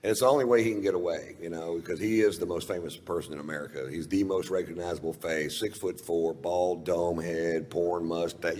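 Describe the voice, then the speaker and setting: Deep-voiced, laid-back profane comedian. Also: male voice. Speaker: stand-up comedian. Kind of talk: stand-up storytelling. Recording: reverberant hall, faint noise.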